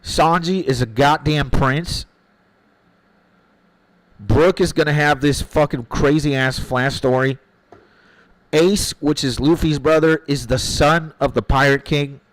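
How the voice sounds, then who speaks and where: A man's voice: a little high, takes it slowly, pauses often, dry recording, poor audio. A man streaming a game, chatting casually with his viewers, opinionated and swearing freely, often repeating himself as he gathers his thoughts. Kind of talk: casual live-stream chat, answering viewers.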